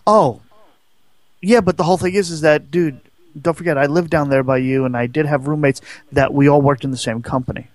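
A man's voice: a little high, steady tone, brisk, no echo. A man co-hosting a podcast in casual banter, joking and cutting in often. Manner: joking, keeps interrupting. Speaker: podcast co-host.

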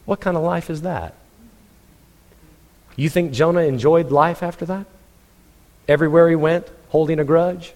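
A man's voice: a little high, moderate pace, pauses often, a little mellow, big-room sound. A man preaching a sermon, telling a story with humor and acting out the people he quotes, often chuckling.

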